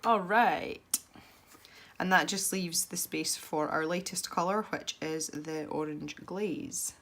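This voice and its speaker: Chatty low-voiced woman teaching colouring. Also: slow, a bit bright. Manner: chatty and self-deprecating, with small laughs. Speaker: colouring tutorial host. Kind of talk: casual tutorial narration while colouring.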